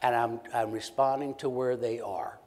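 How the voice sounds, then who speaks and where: A man speaking as a professor in a keynote lecture, his pitch sitting in the middle range. He talks in a loose, conversational way and stays animated. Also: normal speed. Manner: conversational, animated, acts out short quoted exchanges. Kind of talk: conference lecture.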